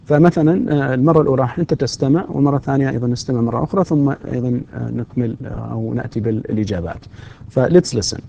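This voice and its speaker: A man's voice: mid-range voice, very fast, vocal fry, mellow, highs cut off, a little hiss or hum. A man giving a university English lecture, switching between explanations and English example questions. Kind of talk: recorded distance-learning lecture.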